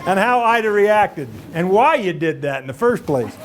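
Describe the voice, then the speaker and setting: A man's voice: high-pitched, sing-song, moderate pace, crowd noise, background noise. A man leading a memorial service, teasingly prompting a friend to tell a story. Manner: teasing, coaxing. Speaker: memorial presenter.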